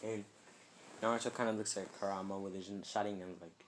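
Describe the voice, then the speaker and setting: A man's voice: low voice, steady tone, fairly quick, long pauses, a bit bright, slight background noise. A man casually telling a made-up fan story, rambling and filling it with "kinda" and "like".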